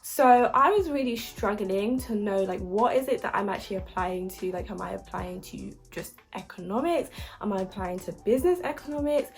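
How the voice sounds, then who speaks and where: A woman's voice: medium pitch, expressive, normal speed, few pauses. A young woman from the UK giving casual advice about university applications, chatty and upbeat with frequent fillers. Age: young adult. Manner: chatty and upbeat, lots of likes and ums.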